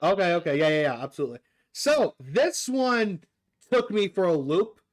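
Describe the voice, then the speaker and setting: An excitable man hosting a casual gaming chat, his voice pitched a little high. He swears freely and talks over his guest in bursts of enthusiasm. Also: moderate pace. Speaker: podcast host.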